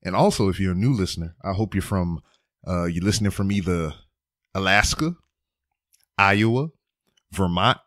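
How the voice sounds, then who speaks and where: Low-ish guy rambling on his home podcast, dry close mic, joking around. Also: animated, moderate pace, long pauses, fairly bright tone, no room sound. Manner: rambling, playful, self-deprecating asides. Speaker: podcast host. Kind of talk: casual solo podcast monologue.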